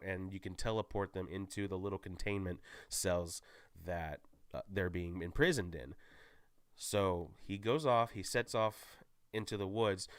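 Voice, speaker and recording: Man, casual movie recap, low voice, smooth and clear, dry close sound, keeps restarting sentences. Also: a bit bright, no echo. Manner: rambling, self-correcting, many restarts. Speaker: movie reviewer.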